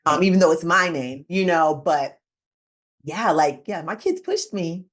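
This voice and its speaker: A woman in her thirties hosting a casual interview, telling a personal story in an animated way and acting out what people said. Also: a little slow. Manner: animated storytelling, acting out quoted lines with big pitch jumps. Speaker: podcast host.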